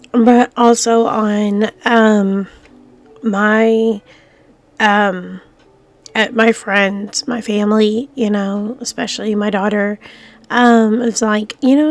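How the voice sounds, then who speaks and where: Groggy-voiced woman rambling with fillers. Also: fairly high pitch. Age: middle-aged. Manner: rambling, many fillers and restarts. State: groggy voice after coughing. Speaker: vlogger. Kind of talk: casual rambling talk to camera.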